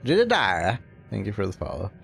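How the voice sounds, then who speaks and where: Brief: casual male streamer, lively pitch, relaxed mumbly asides. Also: normal speed, gravelly. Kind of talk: casual gameplay commentary. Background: game music.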